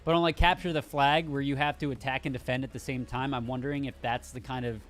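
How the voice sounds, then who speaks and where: A man's voice: mid-range voice, fairly even intonation, fast talker, fairly bright tone, faint music behind. A man co-hosting a casual gaming news show, rambling a bit with restarts as he reads out the news. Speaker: co-host.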